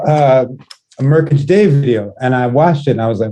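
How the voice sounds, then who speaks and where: A man's voice: mid-range voice, mellow, slight background noise, rough recording. A man being interviewed as a guest musician, telling stories in a laid-back way, swearing freely and often restarting his sentences. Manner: halting, with frequent restarts. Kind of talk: casual interview chat.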